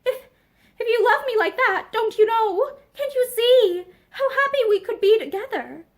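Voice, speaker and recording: A woman's voice: very high voice, expressive, normal speed, pitched above the performer's own voice. A woman reading aloud voices a tearful young wife whose pleading voice breaks with sobbing.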